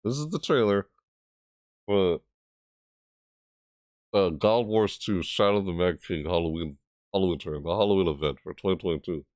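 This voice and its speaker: Commenting on a gaming video, a low-voiced man rambles through halting asides, thinking out loud and occasionally letting out loud screeching impressions. He talks at a moderate pace with long pauses, recorded in clean studio quality without echo.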